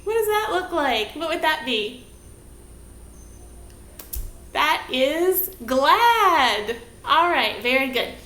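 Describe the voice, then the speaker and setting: A woman leads young children through a rhyming dance lesson, asking sing-song questions at a slow, patient pace. Her fairly high voice swoops up and down with lots of life. She sounds a little distant in an echoey room. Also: sing-song, sharp tone. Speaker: movement teacher. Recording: echoey room, faint background hiss.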